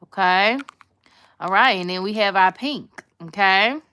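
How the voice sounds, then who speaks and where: A woman's voice: medium pitch, measured pace, sharp tone, clean tone. Sassy chatty woman doing her nails. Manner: chatty, sassy, talks straight to viewers with slang. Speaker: nail content creator. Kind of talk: casual nail tutorial chat.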